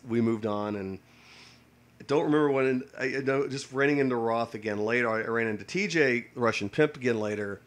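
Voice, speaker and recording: A man, a navy veteran, tells stories casually and rambles, with many restarts, fillers and swearing. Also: medium pitch. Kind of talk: casual storytelling.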